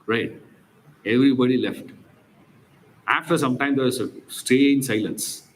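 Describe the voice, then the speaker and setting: A man's voice: mid-range voice, measured pace, low-quality recording. A man teaching a scripture class, telling stories with emphatic rhetorical questions. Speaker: spiritual teacher.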